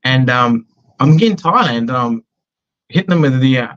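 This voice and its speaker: Australian businessman guest, mid-pitched, chatty and self-deprecating, slightly muffled recording. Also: lively intonation, moderate pace, a bit bright. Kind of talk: casual conversational interview.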